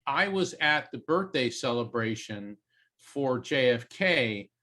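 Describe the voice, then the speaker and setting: A man, a podcast guest, telling a long anecdote with lively energy and acting out the quoted voices. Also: mid-range voice, slow pace. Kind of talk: animated storytelling in a podcast interview.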